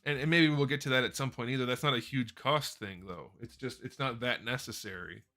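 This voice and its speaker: A man takes viewer questions during an informal live stream, speaking into a desk mic in a meandering, self-correcting style while faint music plays. His voice sits mid-range with a sharp tone and a fairly quick delivery.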